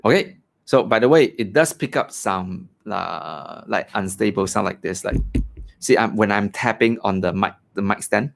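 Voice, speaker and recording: A man's voice: fairly low pitch, moderate pace, vocal fry, noisy background. A man casually reviewing a USB desk mic at his home desk, chatty, with many fillers and a habit of tagging "right?" onto his points. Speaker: tech reviewer. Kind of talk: casual product demo. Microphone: desk USB condenser mic.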